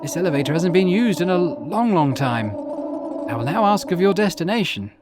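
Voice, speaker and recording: A man's voice: high voice, animated, moderate pace, very noisy, voice pushed up. A man voicing a sleepy, polite male elevator attendant creature in a game who talks formally and a little groggily. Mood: startled, polite. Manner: formal, courteous and slightly groggy.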